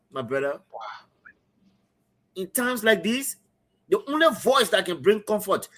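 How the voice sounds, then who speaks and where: A man's voice: sits high, fairly bright tone. Passionate Liberian man commentating. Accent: Liberian English. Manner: emphatic, repetitive, addresses co-host as brother. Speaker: talk show host. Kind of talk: impassioned political commentary. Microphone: streaming setup.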